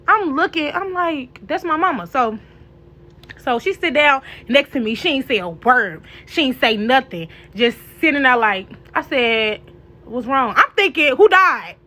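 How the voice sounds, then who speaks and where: A woman's voice: high voice, a little slow. A young woman, animatedly telling a casual storytime to her viewers. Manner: animated, addresses viewers as y'all.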